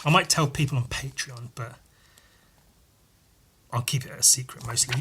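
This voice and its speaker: A man hosting a casual solo podcast as a comic artist, rambling and excitable, swearing a lot, jittery from too much caffeine. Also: medium pitch, moderate pace, pauses often, slight background noise. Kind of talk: casual solo podcast monologue while leafing through comics.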